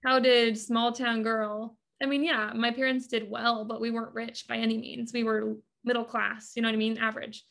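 A woman's voice: fairly high pitch, level tone, moderate pace, gravelly, few pauses, fairly bright tone. A woman guest on a podcast, telling her story in earnest, chatty talk with many fillers. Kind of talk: casual interview talk.

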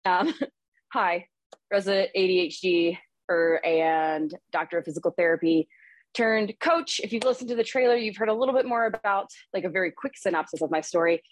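A woman in her thirties hosting a podcast in a casual, energetic monologue, candid and swearing freely, a little out of breath. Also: lowish voice, normal speed, no room sound. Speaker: podcast host and coach.

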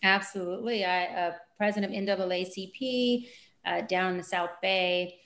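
Woman, life coach guest, podcast interview, expressive, echoey room. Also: moderate pace. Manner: animated, acts out client conversations with big pitch jumps.

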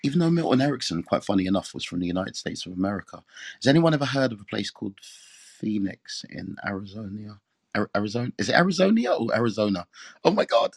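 A man with an English accent hosts a casual live audio room, chatty and rambling as he talks and reads aloud. His voice sits low, with a gravelly edge and a dry, close sound. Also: very animated, fast talker, dry recording. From England.

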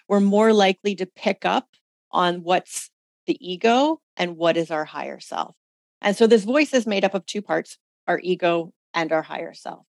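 A woman hosts a coaching call, steering her listeners through reflective exercises at an easy pace. Her voice sits low and carries a gravelly fry. The sound is dry and close, with no room around it. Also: no echo. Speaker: host leading a women's community call. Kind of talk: coaching talk on a group call.

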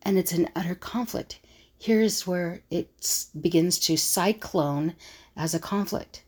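This woman, a conflict resolution coach, muses aloud in a solo monologue, mimicking the scoffing remarks people make. Her voice sits on the low side with a darkish tone, and she speaks unhurriedly.

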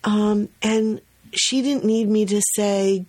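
A woman co-hosting a podcast about early childhood, telling a story in a casual, animated way and laughing often. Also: mid-range voice, slow pace.

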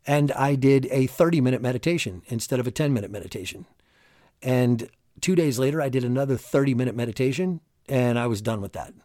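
A man hosting a solo motivational podcast, talking in an energetic, emphatic, casual coaching tone. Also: mid-range voice, a little fast, no echo, studio quality. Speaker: podcast host.

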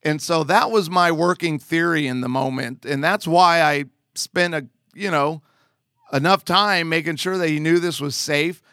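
A man's voice: fairly high pitch, moderate pace, bright, forceful tone, clean tone, no echo, clean studio sound. A man earnestly telling a personal testimony as a father, conversational with emphatic asides.

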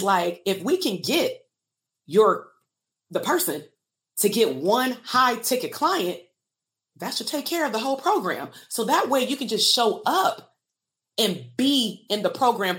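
A woman's voice: medium pitch, fairly bright tone. A woman in her thirties, a therapist and business coach, talking candidly and emotionally to viewers in a live stream and asking them to comment.

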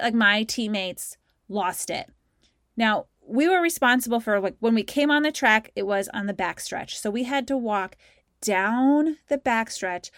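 A woman telling a personal story in an animated, conversational way, voicing her own past thoughts as she goes. Her voice sits a bit on the high side and the sound is dry and close, with no room echo. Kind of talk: storytelling talk.

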